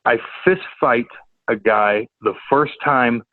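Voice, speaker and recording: A former hockey enforcer from St. Louis, USA, appears as a podcast guest, rambling through hockey stories with lots of cussing and stammering repeats in casual chat. His voice sits in the mid-range and moves at a slow pace. The audio is tinny like a phone call and completely dry, with no echo.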